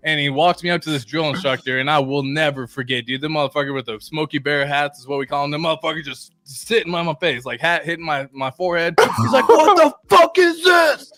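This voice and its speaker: A man, a Marine veteran, telling a profane, animated story in casual chat. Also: a little high, quick pace, hardly any pauses.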